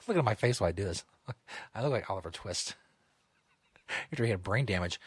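A man's voice: fairly low pitch, expressive, normal speed, long pauses, husky, no room sound. A man hosting a comedic talk show from a studio, rambling, jokey and profane. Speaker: host.

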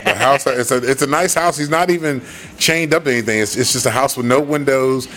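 A man's voice: medium pitch, a little fast, fairly bright tone, slight background noise. A man co-hosting a podcast, teasing and joking crudely in casual banter. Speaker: podcast co-host.

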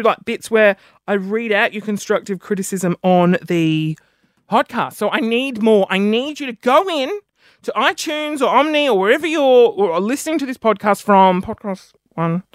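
A man's voice: sits high, no room sound. Male podcast host, solo chat, rambling and self-deprecating, sniffs between lines, dry close mic. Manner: rambling, self-mocking, quick asides; audible sniffing between phrases.

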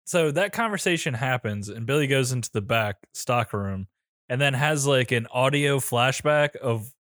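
A man's voice: mid-range voice, expressive, normal speed, a bit bright, no echo, clean studio sound. A man in casual chat about a film, laughing often, swearing and picking at odd details. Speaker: podcast co-host discussing a film.

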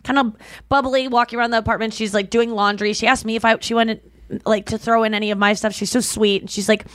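A woman's voice: fairly high pitch, steady tone, quick pace, fairly bright tone, no room sound, clean studio sound. A woman co-hosting a podcast, chatting casually and telling stories, acting out the people she quotes. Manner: chatty storyteller who acts out quoted people. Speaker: podcast co-host. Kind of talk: casual chat.

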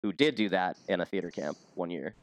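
A man's voice: sits low, expressive, fairly quick, no echo. A man co-hosting a podcast, telling stories in casual chat, rambling with plenty of filler words. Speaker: podcast co-host.

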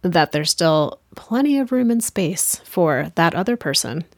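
Low gravelly woman host. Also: expressive, a little slow, no echo, studio quality. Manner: warm, affirming, conversational. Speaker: podcast host. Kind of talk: podcast interview.

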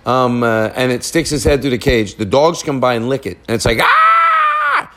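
A man's voice: mid-range voice, brisk, noisy background. Rambling, joking man hosting a podcast. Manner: rambling, jokey, self-interrupting. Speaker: podcast host. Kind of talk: casual family chat.

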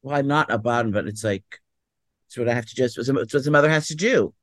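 A man talks fast in a medium pitch on a casual chat podcast he co-hosts, with no room sound. Sleepy and yawning, he rambles through his words, filling them with "like" and "um."

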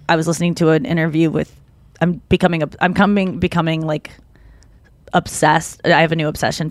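A woman's voice: sits low, dry recording. A woman co-hosting a podcast in casual chat, talking frankly and rambling, full of "like" and swearing. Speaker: podcast co-host.

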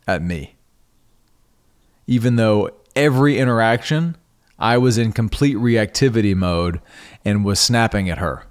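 A middle-aged man hosting a podcast, telling a personal story in a conversational way, often restarting and repeating words. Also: fairly low pitch. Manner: conversational, restarts and repeats words, animated when quoting himself. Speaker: podcast host.

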